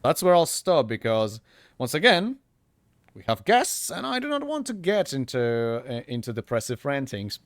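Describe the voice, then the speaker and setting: A young British man streaming a game, animated and sweary, laughing often. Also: mid-range voice, normal speed, dry recording. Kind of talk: casual let's-play commentary.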